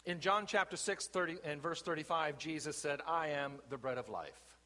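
A male pastor delivers a sermon in a bright, somewhat high voice. He stresses key words slowly and pauses with deliberate emphasis. His voice rings through a church sanctuary with a long reverb.

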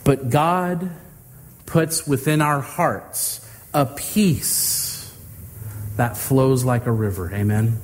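A male pastor giving a sermon with earnest, drawn-out emphasis. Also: mid-range voice. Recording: reverberant hall with faint ambience.

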